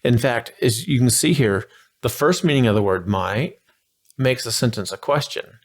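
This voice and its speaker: A man's voice: medium pitch, moderate pace. A man giving a casual, playful video language lesson with a breezy, slangy manner. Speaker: language teacher.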